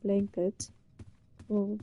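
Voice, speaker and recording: The same kind of scene: a young British woman under a blanket indoors, giggling and playfully flustered as she rambles in casual talk to a listener. This time her medium-pitched voice is flat and extremely slow, with phone-quality sound and a little hiss or hum.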